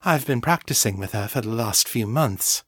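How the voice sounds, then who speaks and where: A man's voice: medium pitch, expressive, moderate pace, fairly bright tone, husky, no echo, clean studio sound. A man voicing a teasing, shapeshifted woman who speaks in a posh upper-class drawl.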